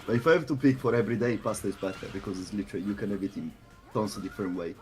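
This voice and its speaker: A man whose first language is Italian, chatting thoughtfully and a little haltingly on a gaming stream. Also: on the low side, darkish tone. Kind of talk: casual chat on a gaming stream.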